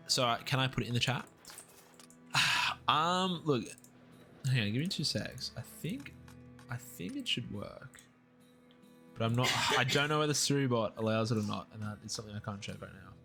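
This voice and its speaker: A young man with an Australian accent, lowish in pitch and fairly bright in tone, rambles cheerfully while streaming a strategy game and talking to viewers. There's faint music behind his voice.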